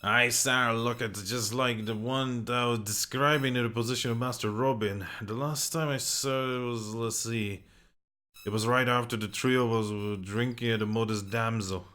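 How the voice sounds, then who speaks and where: A man's voice: mid-range voice, fairly even intonation, moderate pace, bright, forceful tone, natural voice. A man reading a stranded fantasy traveler. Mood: worried. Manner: archaic formal speech, read aloud. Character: stranded traveler hoping to sail home.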